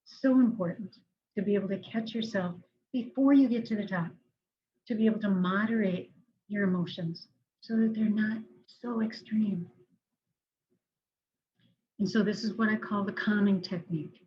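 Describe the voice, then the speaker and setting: A woman counselor giving a calm, instructive talk on managing anger, slowing down to guide breathing exercises. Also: mid-range voice, highs cut off.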